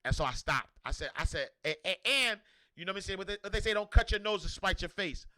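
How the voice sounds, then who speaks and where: A man from Harlem with a New York accent, hosting a casual livestream and talking in an animated, slangy, repetitive way. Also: high voice, fast, dry recording. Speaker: host.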